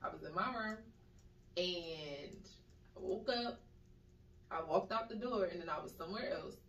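A woman in casual chat, telling dream stories in a slangy, animated way and acting out the voices she quotes. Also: fairly low pitch, a little slow, lo-fi sound, slight background noise. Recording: echoey room, mic at a distance.

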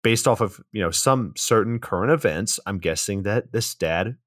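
A man's voice: fairly low pitch, normal speed, no room sound. A young man co-hosting a comedic podcast, recapping a movie plot with dry, crude humor. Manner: dry, deadpan, crude joking. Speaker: podcast co-host.

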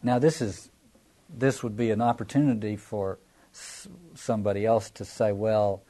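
A man's voice: fairly low pitch, normal speed, warm tone. A man teaching a Bible passage in a reflective lecture, often restarting phrases and repeating words as he explains.

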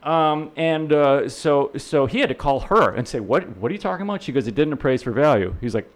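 A man's voice: medium pitch, lively intonation, a little fast. A middle-aged man, a real estate instructor, telling rambling anecdotes as an interview guest, full of fillers and restarts, acting out the people he quotes. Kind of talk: casual storytelling in an interview.

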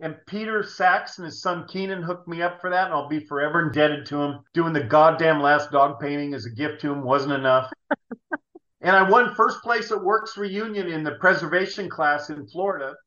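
A middle-aged man tells animated stories as an interview guest, his voice bright and forceful, on the high side for a man. The recording sounds roomy and slightly dull. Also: normal speed. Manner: animated anecdotes with laughs. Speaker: guest, automotive artist. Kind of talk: casual storytelling.

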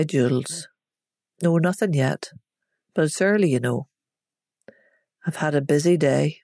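Narrator doing a village herb-healer mum, teasing but sharp, close dry sound. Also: medium pitch, no echo. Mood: chatty. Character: warm teasing village mother, herbal healer.

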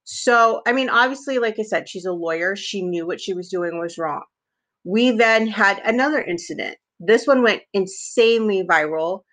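A woman's voice: mid-range voice, normal speed, a bit bright. A woman co-hosting a podcast, telling stories casually in a chatty, wry and indignant way, full of "like" fillers. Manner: chatty, heavy use of "like" fillers. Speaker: podcast co-host. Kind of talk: casual storytelling.

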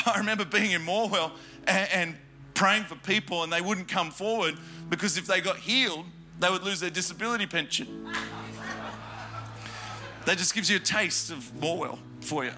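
A man preaching a fervent, exhorting sermon as pastor, building to loud declarations. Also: sits high, moderate pace, soft background music. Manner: fervent, exhorting, rising to shouts.

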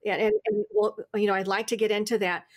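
A woman's voice: mid-range voice, sing-song, quick pace. A woman podcast host asking a guest questions, thinking aloud as she phrases them. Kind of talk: interview questions.

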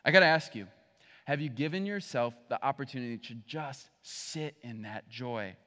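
A young man preaching a sermon in a relaxed, conversational way, with playful acted asides. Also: mid-range voice, normal speed. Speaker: pastor. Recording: long hall reverb.

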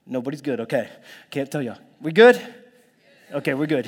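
A man preaching a sermon in a lively, conversational way, now and then dropping to a whisper or jumping to a shout. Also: on the high side, normal speed, long pauses, husky. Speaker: pastor. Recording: long hall reverb.

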